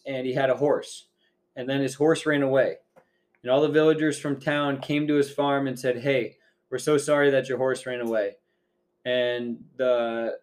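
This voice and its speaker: Male podcast co-host, mid pitch, easygoing chatty delivery, filler-heavy storytelling. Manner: relaxed, rambling storyteller with many fillers. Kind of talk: casual podcast chat.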